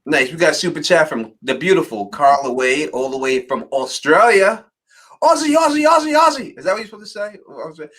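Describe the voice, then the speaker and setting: A man's voice: a little high, expressive, brisk, few pauses, fairly bright tone. An American man hosting a casual livestream chat, laughing and swearing easily as he reads viewer messages. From United States. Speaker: podcast host.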